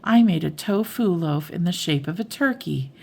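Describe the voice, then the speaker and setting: A woman's voice: lowish voice, expressive, moderate pace, gravelly, a little mellow. An older woman voicing a cheerful, bossy farmer's wife who hands out chores. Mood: chirpy.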